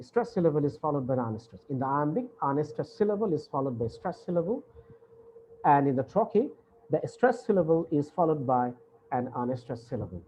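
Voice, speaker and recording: A man's voice: on the high side, muffled recording, slight background noise. Man lecturing over a video call. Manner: explains patiently, repeating points with frequent "uh". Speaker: university English lecturer. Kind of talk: online lecture.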